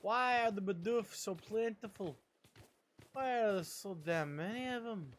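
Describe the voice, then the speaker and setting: A man's voice: high-pitched, measured pace, slight background noise. A man streaming a video game, rambling playfully to himself as he plays. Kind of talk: casual gameplay commentary.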